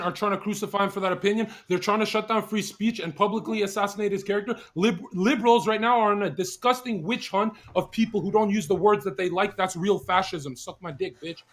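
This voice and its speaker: A man with a high voice making a heated political point as a podcast guest on an online call. He reads from notes and turns to insults when interrupted. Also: steady tone, fairly quick, hardly any pauses, fairly bright tone.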